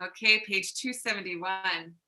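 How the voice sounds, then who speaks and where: A woman with a Long Island accent leading a Shabbat service, teaching in a chatty way with many pauses and chanting Hebrew. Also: mid-range voice, echoey room. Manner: chatty, many ums, warm teaching asides. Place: synagogue sanctuary.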